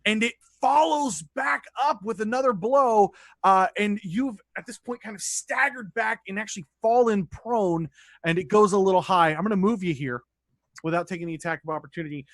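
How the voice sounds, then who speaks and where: A man runs a tabletop game as its dungeon master, his voice pitched high. The sound is dry and close, like a streamer's desk mic. He narrates combat with lively, descriptive flair and quick asides. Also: no room sound.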